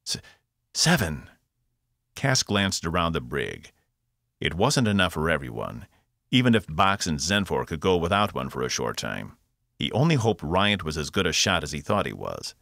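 A man narrating his own science fiction audiobook, expressive and voicing every character. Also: a bass voice, normal speed, gravelly, no room sound, clean studio sound. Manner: expressive, voices all characters. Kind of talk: scripted narration.

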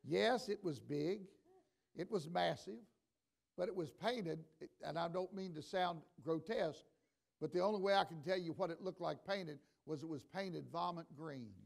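A bishop preaching a sermon in a church sanctuary. His voice sits high and carries a rough, gravelly edge. He tells homespun stories, then builds to loud, repeated exhortation. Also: moderate pace. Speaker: bishop and pastor. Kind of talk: storytelling sermon.

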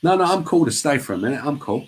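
A man chatting as a guest in a casual live interview over a video call, telling stories in a lively, talkative way. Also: fairly high pitch, quick pace, slight background noise, poor audio.

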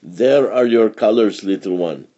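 A man reading a storybook aloud, voicing a gentle, wise old grandmother who speaks softly. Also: medium pitch, big pitch swings, slow pace, breathy edge, muffled recording, heavily acted. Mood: tender. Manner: soft, soothing.

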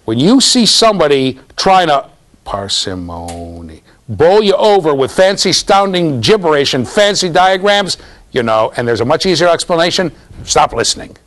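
Lively, jokey man lecturing a class. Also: a little high, moderate pace. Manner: animated, jokey, talks to students directly. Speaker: university lecturer.

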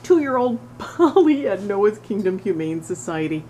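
A middle-aged woman volunteering at an animal shelter, chatting casually to the camera and cooing at a cat in a high sing-song voice, laughing often. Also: sing-song, measured pace, mellow, slight background noise, rough recording. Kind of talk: casual vlog talking to a cat.

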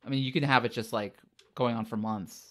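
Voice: medium pitch, steady tone, brisk, a bit bright. A podcast co-host in casual chat, rambling with many fillers and restarts.

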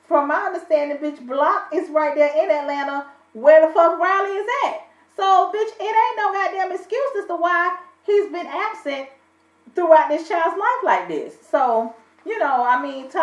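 A high-pitched woman delivers a casual, blunt recap of a reality show episode. She swears constantly and talks with a sassy edge. Her voice comes from a distance in an echoey room, and it sounds muffled. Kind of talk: casual profane episode review.

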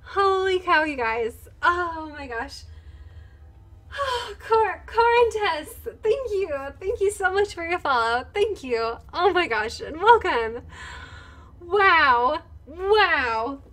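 Very high-voiced, gushing woman streamer. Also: big pitch swings, slow pace, fairly bright tone. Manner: gushing, thanks viewers by name over and over; easily moved, close to tears. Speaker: live streamer. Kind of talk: casual live-stream chat while gaming.

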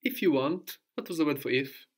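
A man's voice: a little high, lively intonation, fairly quick. A man teaching a language lesson, asking questions patiently and repeating his student's answers.

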